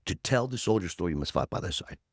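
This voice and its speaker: A man's voice: low voice, lively intonation, quick pace, no echo, clean studio sound. A man voicing his young army staff sergeant, firm and earnest.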